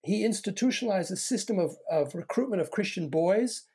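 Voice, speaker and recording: Historian, lecturing, measured, frequent restarts, warm tone, breathy edge. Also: medium pitch, expressive. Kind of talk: academic discussion answer.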